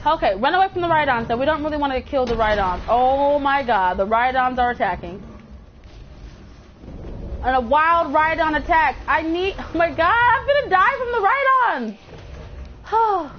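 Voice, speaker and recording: A woman's voice: high-pitched, normal speed, long pauses. A young woman streaming a game live, chatting with viewers, swearing and shrieking whenever she is in danger. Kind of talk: live gameplay commentary. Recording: dull lo-fi mic with audible noise.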